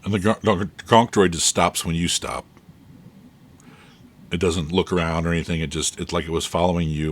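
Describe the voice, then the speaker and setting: Deep-voiced male game master. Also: moderate pace. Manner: relaxed, describing scenes. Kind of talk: narrating a tabletop game.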